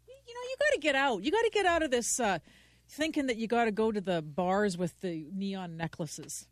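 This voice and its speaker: A woman's voice: on the high side, animated, a little fast. Giggly rambling woman. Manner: giggly, rambling, playfully pushy. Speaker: podcast co-host. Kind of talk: casual chat.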